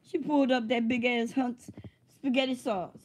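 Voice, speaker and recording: A woman's voice: fairly high pitch, steady tone, moderate pace, darkish tone, a little hiss or hum. A woman hosting a casual livestream, who chats loosely, laughs often and swears freely. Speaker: livestream host.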